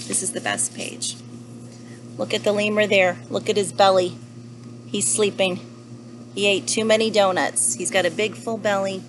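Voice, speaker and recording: A young adult woman teacher gently reading a picture book to children and asking them questions about the pages. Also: mid-range voice, noisy background. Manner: gentle, asks the listener questions. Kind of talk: children's story read-aloud.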